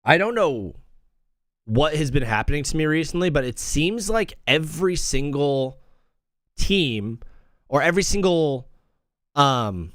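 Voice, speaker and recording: A man's voice: fairly high pitch, very animated, measured pace, long pauses, a bit bright, no room sound, clean studio sound. A young man hosting a live sports talk stream, brash and rambling, joking as he reads the chat. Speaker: sports talk show host.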